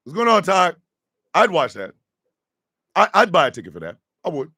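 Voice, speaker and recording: A man hosting a morning radio show, riffing in a loud, slangy comedic way with frequent laughter and shouted outbursts. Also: fairly high pitch, wildly swooping pitch, moderate pace, slightly rough, no room sound, clean studio sound. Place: radio studio.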